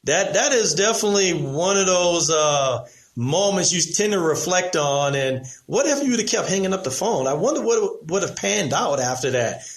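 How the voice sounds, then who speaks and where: Slightly high-voiced radio host. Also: male voice, animated, moderate pace. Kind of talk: interview questions.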